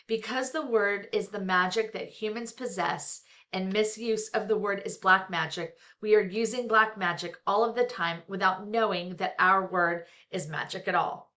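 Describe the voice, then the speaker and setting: This therapist, a middle-aged woman, has a mid-range voice with a sharp tone, and she moves at a moderate pace with hardly any pauses. She reads from a book casually but keeps stopping for candid, chatty asides sprinkled with fillers.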